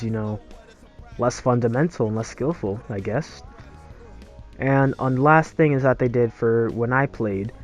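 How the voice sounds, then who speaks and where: A man's voice: medium pitch, darkish tone, lo-fi sound. A young man from the United States venting in a casual, exasperated and sarcastic rant, recorded as a voice-over for a gameplay video. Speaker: YouTuber. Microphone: voice-over, no face cam.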